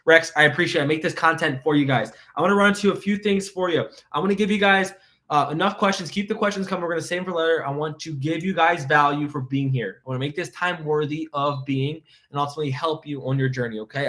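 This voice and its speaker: A man coaching insurance sales on a live stream, talking fast and excitedly, piling up rhetorical questions and repeating points. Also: a little high. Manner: energetic, motivational, fast and excited.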